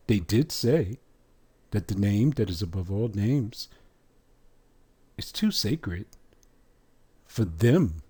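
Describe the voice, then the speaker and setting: A man teaching a religious language lesson at a very slow, deliberate pace. His low voice rises and falls a lot as he draws out letter sounds. He keeps putting questions to the listener. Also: warm tone, breathy edge.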